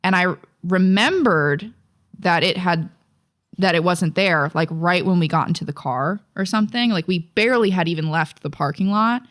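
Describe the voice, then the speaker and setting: A woman's voice: on the low side, normal speed, a bit bright. A young woman co-hosting a podcast, telling a childhood story in a rambling, profane, casual way full of fillers. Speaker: podcast co-host.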